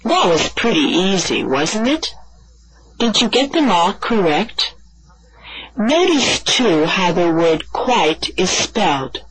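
A woman reading classroom instructions and examples for an audio language course, clear and deliberate, spelling words out letter by letter. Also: mid-range voice, sing-song, a bit bright, rough recording. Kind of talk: slow scripted classroom instruction.

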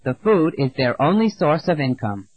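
Man, language teacher, slow deliberate drilling, husky voice, dull lo-fi tape sound. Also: on the high side, very animated. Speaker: English teacher. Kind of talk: scripted language lesson narration. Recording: dull dry lo-fi audio.

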